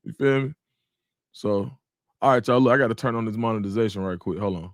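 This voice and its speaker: A man's voice: lowish voice, fairly quick, dry recording, studio quality. Laid-back man chatting live on stream. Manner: laid-back, talks straight to viewers, greets chat by name. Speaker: livestream host. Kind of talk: casual livestream chat.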